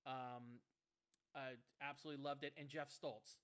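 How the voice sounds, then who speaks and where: Man, co-host, casual livestream chat, bright forceful tone, gushing and rambling. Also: medium pitch, little pitch movement, moderate pace, clean tone. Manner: effusive, rambling, with many restarts. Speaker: co-host of an online karaoke show.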